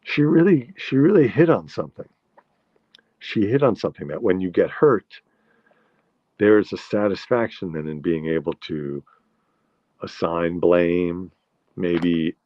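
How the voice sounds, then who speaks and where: A man's voice: sits low, a little slow, pauses often, no room sound, dull audio. A man from New York hosting a live-stream chat, telling rambling anecdotes with many restarts and answering viewer comments. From New York, USA. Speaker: show host.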